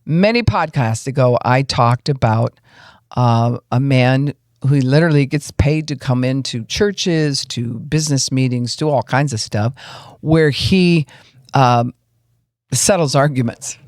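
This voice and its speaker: Woman pastor-host, casual folksy teaching, lively, acts out examples; close, dry podcast mic. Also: rumbling low, measured pace, dry recording. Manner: folksy, animated, acts out what she describes.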